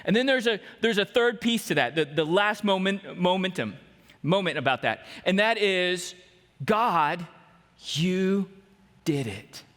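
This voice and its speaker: Man, pastor, sermon, high voice, storytelling, acts out quotes, long church hall reverb. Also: lively intonation, normal speed, a bit bright. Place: church sanctuary.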